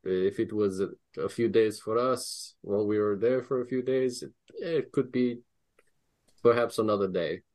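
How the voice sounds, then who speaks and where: A man narrating a tabletop game as dungeon master, measured and thinking aloud. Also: fairly low pitch, darkish tone.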